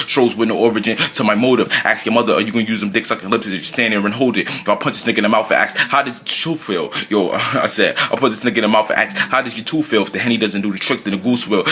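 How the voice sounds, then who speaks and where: A man rapping aggressive verses in a rapid-fire delivery. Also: fairly low pitch, bright, forceful tone. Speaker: rapper. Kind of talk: freestyle rap verses.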